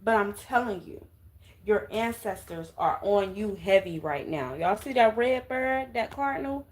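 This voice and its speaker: A woman's voice: medium pitch, expressive, unhurried. Woman tarot reader, emphatic coaching delivery, mid-range voice. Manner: emphatic, coaxing, with repeated "okay?" asides. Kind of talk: casual tarot reading to viewers.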